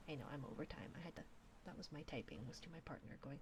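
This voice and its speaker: A woman streamer giving a whispered ASMR livestream chat, softly whispering and giggling. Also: sits low, animated, a little hiss or hum. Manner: soft whispering, slow and drawn out, often giggling. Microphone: binaural dummy-head microphone.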